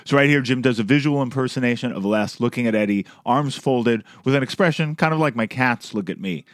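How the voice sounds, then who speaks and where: A man's voice: mid-range voice, brisk, dry recording, soft background music. A man hosting a podcast, narrating from a script with wry, conversational asides. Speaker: podcast host.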